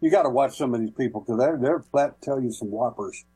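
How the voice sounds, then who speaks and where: A man's voice: medium pitch, a little fast, warm tone, breathy edge, rough recording. A man guesting on a call-in radio show, telling folksy anecdotes with many hesitations and small laughs. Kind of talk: casual call-in radio storytelling.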